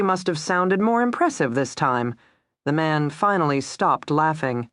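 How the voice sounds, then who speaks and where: A woman narrating a crime thriller audiobook in a measured, even storytelling manner. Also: low-pitched, dry recording, clean studio sound.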